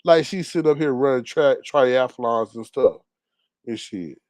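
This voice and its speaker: Guy ranting on a live stream, mid-pitched, dry sound, loud then muttering. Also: expressive, a little slow, no echo. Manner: loud, indignant, drawling, swings between outbursts and mutters. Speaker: caller on a live talk stream. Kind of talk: animated casual ranting.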